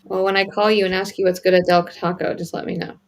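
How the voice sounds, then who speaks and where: A woman chiming into a casual chat over a video call with quick agreeing interjections. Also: lowish voice, level tone, slight background noise.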